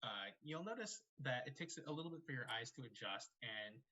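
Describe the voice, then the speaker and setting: Bright-voiced male game master. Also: medium pitch, moderate pace. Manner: relaxed, filler-heavy, conversational. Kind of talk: narrating a live-streamed tabletop game.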